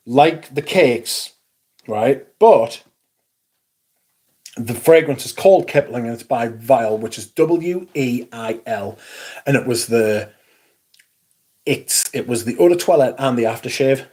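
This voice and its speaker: A man's voice: mid-range voice, lively intonation, unhurried, long pauses, warm tone, husky. A man around forty with a Geordie accent, hosting a casual livestream and reading out chat comments in a blunt, sweary, dryly sarcastic way. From Newcastle, England. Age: 40s. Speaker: livestream host.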